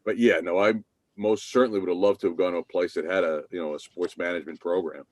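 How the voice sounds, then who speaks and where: A man's voice: deep voice, fairly even intonation, quick pace. A man in his fifties, a guest on a video-call interview, reminiscing in an easygoing way with lots of fillers. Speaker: guest, former team manager.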